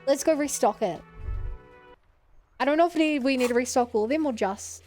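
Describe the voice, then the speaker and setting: A woman's voice: high voice, brisk, darkish tone, faint music behind. A woman streamer giving casual gameplay commentary, chatty and thinking aloud.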